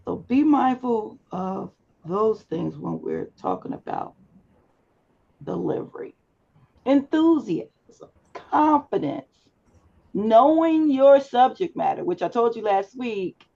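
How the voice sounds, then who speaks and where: Slow, gravelly woman teaching over video call. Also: fairly high pitch, lively intonation, dark tone. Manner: firm, instructive, addresses students directly. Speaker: public speaking instructor. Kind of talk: live online class lecture. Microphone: computer mic on a video call. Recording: slightly dull video call audio.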